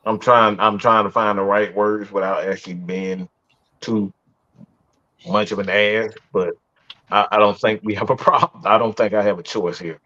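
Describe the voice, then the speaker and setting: A fairly low, fairly even voice with a bright, forceful tone, this sports podcast host speaks at a measured pace and pauses often. Hosting a live post-game reaction show, he rants profanely and with exasperation, stammering through restarts. The stream audio is dull and lo-fi.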